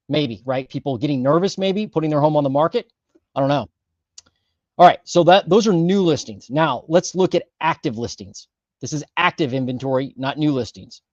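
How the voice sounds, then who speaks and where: A man's voice: fairly high pitch, animated, normal speed, darkish tone, no echo. A man walking through housing market numbers, stressing and repeating key figures as he goes. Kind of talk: data walkthrough commentary. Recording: dry, slightly dull sound.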